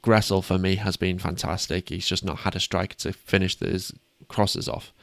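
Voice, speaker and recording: A man's voice: deep voice, little pitch movement, moderate pace, creaky, dry recording. A British man co-hosting a casual sports chat, upbeat and self-deprecating. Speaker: podcast co-host.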